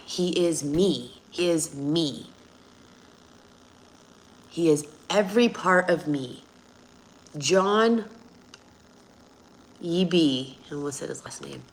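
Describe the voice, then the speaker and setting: A woman vlogger talking in a rambling, profane way, swinging from murmurs to loud bursts. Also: lowish voice, a little hiss or hum. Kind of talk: rambling casual vlog talk.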